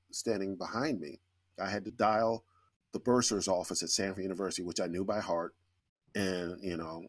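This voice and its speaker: Earnest low-voiced man telling a story. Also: no echo. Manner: earnest, reflective, with frequent restarts. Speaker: guest. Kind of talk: conversational storytelling.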